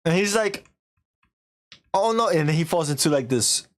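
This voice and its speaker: A man with a fairly high, brisk voice is streaming and casually retelling a story. He rambles along in an animated way, acting out the quotes as he goes.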